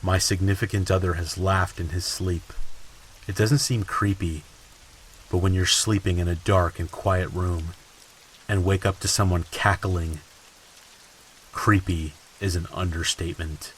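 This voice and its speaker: A man reading creepy stories in a slow, ominous scripted narration. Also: sits low, steady tone, fairly bright tone, low-quality recording. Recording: faint hiss and rain sounds behind. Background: rain ambience.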